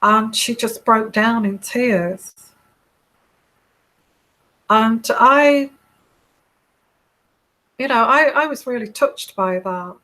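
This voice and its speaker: A woman from the UK who reads tarot, recounting a dream in a soft, calm voice, hesitant and full of fillers and restarts. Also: a little high, extremely slow, pauses often. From United Kingdom. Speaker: intuitive tarot reader. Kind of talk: casual monologue recounting a dream.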